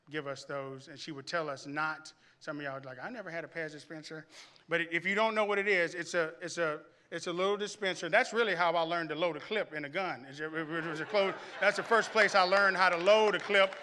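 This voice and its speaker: A high-pitched man preaching to a church congregation. His tone is sharp and tense. He tells stories animatedly, often restarts his sentences, and keeps asking the crowd questions. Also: brisk, few pauses, clean tone. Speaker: pastor. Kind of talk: sermon.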